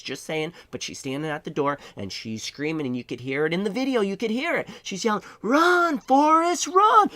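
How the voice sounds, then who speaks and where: Ranting sarcastically on his trading card investing channel, a young man fires off one mocking rhetorical question after another. His voice runs a little high and a bit bright, recorded without echo.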